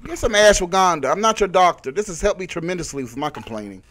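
An exasperated man rants for comedy. His voice sits high and jumps all over, from muttered asides to sudden yelled demands to be quiet. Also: expressive, quick pace, noisy background. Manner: exasperated, repeatedly yelling for someone to shut up. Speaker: comedy vlogger. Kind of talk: comedic rant.

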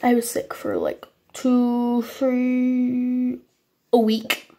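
A woman talks through her Minecraft session in a high, mellow voice, unhurried and chatty. Her voice is slightly husky and sniffly from a recent cold. She keeps apologizing to her viewers and speaks in a vague put-on foreign accent. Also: level tone. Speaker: gaming channel host. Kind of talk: casual Minecraft gameplay commentary.

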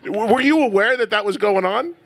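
A man's voice: high-pitched, expressive, a little fast, vocal fry, fairly bright tone. A man hosting a radio interview, asking eager, long-winded questions. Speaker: radio show host. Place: radio studio.

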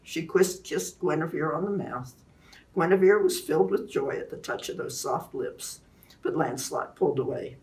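A woman author introducing and reading aloud from her own novel in a clear, animated way. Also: deep voice, moderate pace, recorded from a distance.

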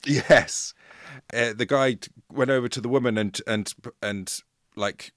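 A man's voice: medium pitch, a little slow, no echo, studio quality. A man co-hosting a podcast, telling a story in a playful, jokey way. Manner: playful, jokey, lively retelling. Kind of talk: casual comedic storytelling chat.

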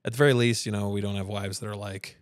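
A man's voice: fairly low pitch, steady tone, quick pace, no room sound, clean studio sound. A father co-hosting a podcast in casual chat, rambling through stories and acting out what people said. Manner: rambling storyteller who acts out quotes in other voices.

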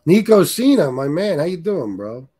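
A man's voice: a little high, sing-song, normal speed, warm tone, husky. A middle-aged man hosting a live stream, reading chat comments and trash-talking in a blunt, crude, heated way. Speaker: livestream host reading chat. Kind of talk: casual profane live-stream rant.

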